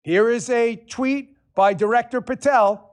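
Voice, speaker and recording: A man's voice: extremely high pitch, measured pace, smooth. A man hosting a political talk show, delivering a sarcastic, combative monologue and swearing freely. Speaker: show host.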